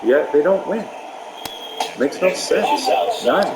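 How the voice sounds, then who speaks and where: A man's voice: sits high, big pitch swings, slow pace, heavy background noise. A man giving casual, profane commentary while playing a baseball video game, ranting and getting heated over calls.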